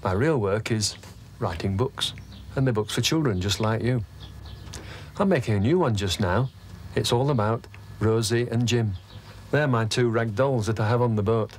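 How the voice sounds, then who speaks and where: A man presenting a children's TV show, talking gently and chattily as he explains things to children. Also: medium pitch, moderate pace, a little hiss or hum.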